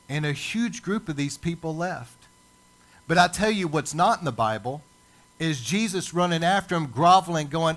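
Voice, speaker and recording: A male pastor preaching a sermon, building emphasis with dramatic pauses. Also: on the high side, animated, a bit bright. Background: church service.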